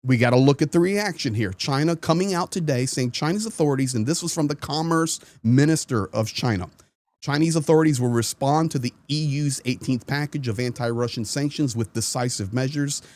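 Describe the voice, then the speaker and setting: A man's voice: mid-range voice, a little fast, darkish tone. A man from the United States hosting a political talk show, ranting angrily and emphatically about foreign policy. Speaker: host. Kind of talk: heated political commentary.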